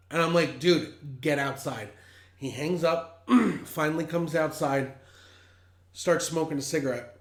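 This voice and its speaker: A podcast host tells a casual story in a blunt, heated, profane way. His voice is a little high and unhurried, and the recording has a roomy echo.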